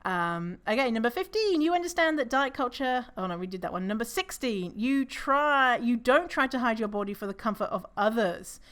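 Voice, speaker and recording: A woman hosting a casual solo podcast, chatty and animated, laughing often and swearing casually. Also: fairly high pitch, normal speed, hardly any pauses. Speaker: podcast host.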